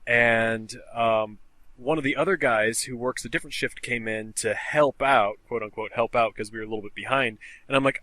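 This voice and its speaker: Male podcast co-host, bright tone, dry close sound, easygoing joker. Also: medium pitch, moderate pace, dry recording. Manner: relaxed anecdotal, jokey. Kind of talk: casual chat.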